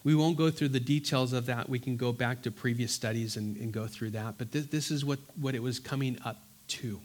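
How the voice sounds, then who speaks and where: A man teaching a Bible study, reading scripture aloud slowly and earnestly between plain explanations, often restarting his words. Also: medium pitch, fairly even intonation. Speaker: pastor.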